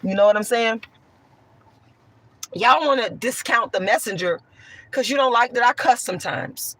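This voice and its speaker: A woman with a hoarse voice, talking bluntly and profanely while answering chat on a livestream. She swings from a raised voice to soft talk. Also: a little high, normal speed, long pauses, dry recording. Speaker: online commentator.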